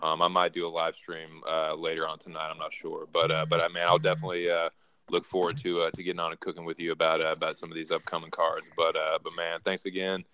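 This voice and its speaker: A man's voice: sits low, monotone, fast, bright, forceful tone, clean tone. A grateful, polite man signing off as a guest on an online boxing panel, with many fillers. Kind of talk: casual sign-off.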